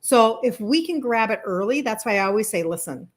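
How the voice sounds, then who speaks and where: A woman in her fifties with a Minnesota accent hosts a casual live stream. Her voice sits a little high. She talks in a chatty, excited, rambling way. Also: brisk. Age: 50s. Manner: chatty and enthusiastic, greets viewers, rambling asides. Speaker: health coach livestream host.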